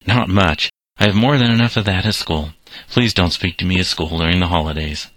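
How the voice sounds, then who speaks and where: A man reading aloud, voicing a troubled teenage boy who speaks quietly and reluctantly. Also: low voice, a little fast, no echo.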